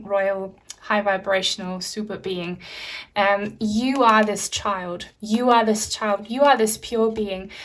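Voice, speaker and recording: A woman reads tarot cards for an online audience. Her voice sits at a middling pitch, and she speaks in a gentle, earnest way. Soft ums and small restarts run through her talk. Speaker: tarot reader. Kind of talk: pick-a-card tarot reading.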